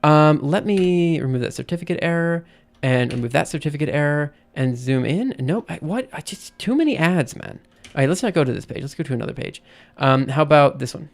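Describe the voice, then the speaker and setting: A man's voice: on the high side, animated, fairly quick, creaky. Man thinking aloud on a livestream. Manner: thinking aloud, many ums and restarts. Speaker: streamer. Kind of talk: casual livestream explanation.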